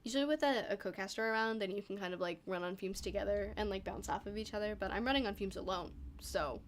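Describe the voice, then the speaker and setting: A woman's voice: medium pitch, fast talker, a little hiss or hum. A young woman doing solo live commentary on an esports match, chatty and bubbly, often laughing at herself.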